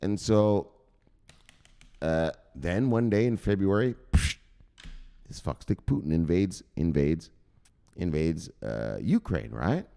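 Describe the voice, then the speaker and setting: A man with a low, gravelly voice tells a wild comic story. He swings his pitch widely and talks in a profane, conspiratorial way. It's a casual video-channel host riffing loosely. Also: big pitch swings, slow, long pauses, dark tone. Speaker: crypto news host.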